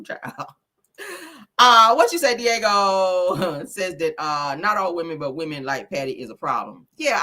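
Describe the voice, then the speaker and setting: A woman with a low-set voice hosts a loud, profane gossip livestream. Her pitch swings widely, and her tone is bright and forceful. She reads viewer comments aloud and reacts with frequent laughter. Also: breathy edge. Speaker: livestream gossip host reading chat. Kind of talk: casual chat.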